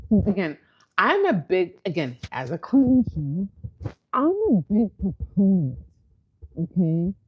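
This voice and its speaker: A woman's voice: on the low side, husky, lo-fi sound. A woman talking casually as host of a reality TV recap, telling the story with animation and acting out what people said. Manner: animated storytelling, mimicking quotes. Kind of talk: casual commentary.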